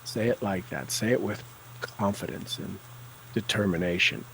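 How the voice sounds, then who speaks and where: A man guiding a tapping session, speaking affirmations slowly and deliberately for the listener to repeat. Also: fairly low pitch, a bit bright, a little hiss or hum, poor audio. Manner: slow, deliberate, coaching tone.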